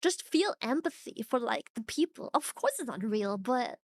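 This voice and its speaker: Woman, young, streamer, high-pitched, animated, swears a lot, laughs often, dry close sound. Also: moderate pace, no echo. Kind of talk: casual chat reacting to viewers.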